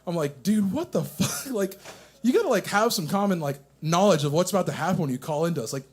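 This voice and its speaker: A man's voice: a little high, lively intonation, fast. A nervous young man doing a stand-up set at a coffee shop open mic, profane and self-mocking, chuckling at his own jokes. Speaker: stand-up comedian.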